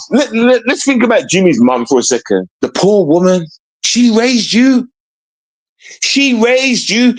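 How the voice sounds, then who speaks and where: Over poor audio, a man with a fairly high voice hosts a live stream show. He taunts and mocks someone with a string of rhetorical questions, repeatedly calling out to his audience.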